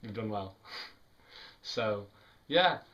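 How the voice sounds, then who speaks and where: A man's voice: lowish voice, expressive, extremely slow, fairly bright tone, lo-fi sound. A young man from the United Kingdom talking casually and rambling cheerfully in a vlog about his song and friends. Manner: chatty, upbeat, rambling with self-corrections. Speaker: vlogger and songwriter.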